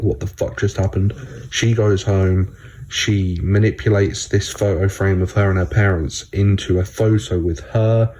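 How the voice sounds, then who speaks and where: A man's voice: sits low, warm tone, low-quality recording. A man casually recapping a TV episode for his channel, rambling with lots of filler words and swearing.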